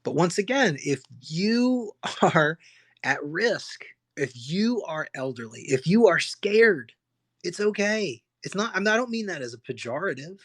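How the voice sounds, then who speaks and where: A man's voice: high voice, sing-song, a little slow, fairly bright tone. Impassioned man ranting on a livestream. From United States. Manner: impassioned, rambling, frequent restarts and rhetorical questions. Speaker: livestream host. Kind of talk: solo livestream rant.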